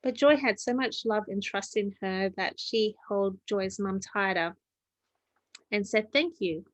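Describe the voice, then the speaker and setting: 여자의 소박한 동화 낭독. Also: female voice, mid-range voice, fairly even intonation, no echo. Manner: plain, unhurried narration with slips and self-corrections. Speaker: storyteller. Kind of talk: reading her own story aloud.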